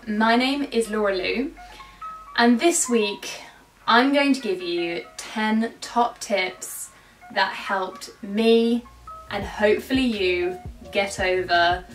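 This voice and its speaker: A woman's voice: mid-range voice, slow. A young woman giving chatty, self-mocking advice to camera in a vlog. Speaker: vlogger. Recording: echoey room, mic at a distance, faint music.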